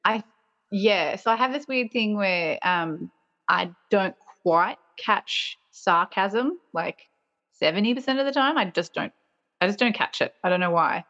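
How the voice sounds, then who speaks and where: A woman guest in casual podcast chat, hesitant and quick to laugh. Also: medium pitch, animated, fairly bright tone, long reverb tail, dull audio. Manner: giggly, hesitant, laughs often.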